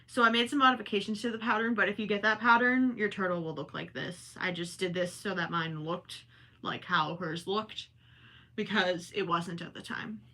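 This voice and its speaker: A chatty woman with a Minnesotan accent hosts a relaxed livestream from her home. Her voice is bright and crisp, set at an ordinary middle pitch. She talks to viewers casually, reads their comments aloud and keeps apologizing with a self-deprecating air. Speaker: livestream host. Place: home, indoors.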